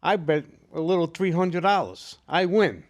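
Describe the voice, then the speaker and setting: A man's voice: a little high, animated, moderate pace. An older man in a casual chat, chiming in with his own anecdote in an easygoing way.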